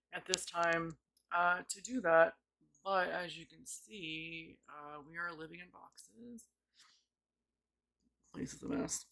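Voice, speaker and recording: A woman's voice: fairly low pitch, fairly bright tone. A woman telling a rambling, casual story-time vlog, full of fillers and restarts. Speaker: vlogger.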